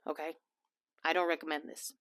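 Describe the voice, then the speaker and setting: A woman hosting a casual podcast, chatty and laughing often, slipping into quiet asides. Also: low voice, flat delivery, fairly quick, no echo, clean studio sound. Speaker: podcast host. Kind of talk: casual chat. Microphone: small desk mic.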